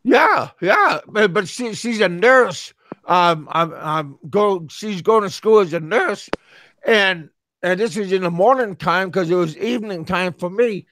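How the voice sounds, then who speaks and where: Casual male host, high pitch, dry close sound, stutters and repeats himself as he tells a story. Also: lively intonation, measured pace, fairly bright tone, dry recording. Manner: stammering, repeats his words often; talks back to chatters who interrupt him. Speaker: show host.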